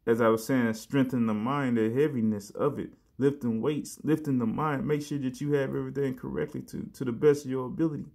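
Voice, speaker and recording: A man preaching in a relaxed, conversational way, his voice sitting at an ordinary middle pitch. He restarts his phrases, leans on "man" and "you know", and slows down to stress each word when he reads scripture. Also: creaky. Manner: reads verses slowly with emphasis. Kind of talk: casual sermon with scripture reading.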